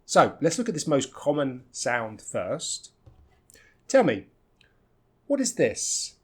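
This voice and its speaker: British man teaching pronunciation, husky voice. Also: medium pitch, huge pitch swings, slow. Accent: British English. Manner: exaggerated, demonstrative enunciation. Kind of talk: pronunciation lesson.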